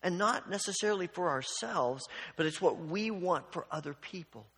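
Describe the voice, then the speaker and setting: A man preaching a sermon in an earnest way, often stumbling over repeated words and dropping to a hushed voice for emphasis. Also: high-pitched, animated, moderate pace, breathy edge, long reverb tail. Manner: earnest, repeats words when restarting, drops to quiet near-whispers for emphasis.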